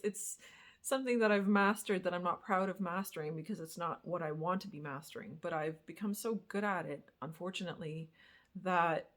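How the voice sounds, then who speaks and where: Candid woman vlogger, rambling and frank. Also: lowish voice. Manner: candid, rambling, swears casually. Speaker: spiritual vlogger. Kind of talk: candid personal monologue.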